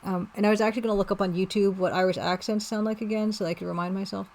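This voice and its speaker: A woman's voice: medium pitch, steady tone, very fast, a little mellow. A woman developer casually narrating and chatting while playing her own story game, rambling and self-deprecating. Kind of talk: casual let's-play commentary.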